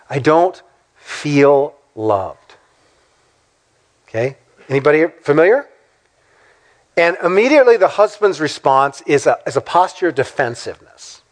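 Guy preaching a sermon, high voice, super animated, emphatic and a bit sarcastic. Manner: emphatic, lively preaching with mock-sarcastic asides. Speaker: pastor.

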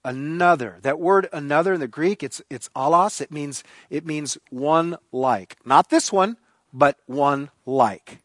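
A man's voice: on the high side, unhurried, fairly bright tone, dry recording. A man preaching a sermon, emphatic and repeating key phrases for stress. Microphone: recorded for online viewers.

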